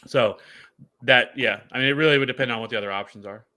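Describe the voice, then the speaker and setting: Male co-host, bright tone, loose rambling delivery full of restarts. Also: mid-range voice, fast talker. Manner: rambling, many restarts and fillers. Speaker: fantasy football co-host. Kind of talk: casual podcast chat.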